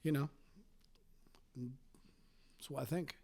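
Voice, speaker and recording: A man's voice: mid-range voice, fairly even intonation, drawn-out words, warm tone. A man from London with a London English accent, co-hosting a podcast with dry, joking banter. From southern England, London. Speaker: podcast co-host. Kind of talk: casual podcast chat.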